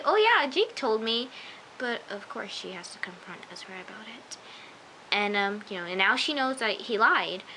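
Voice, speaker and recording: A young woman gushes through an episode recap with a bright, forceful, slightly high voice. She talks in a chatty, excitable way and sometimes drops into whispers. A faint hiss sits under the recording. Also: low-quality recording. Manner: chatty, gushing, full of "like" and "oh my gosh", drops into whispers. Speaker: show reviewer.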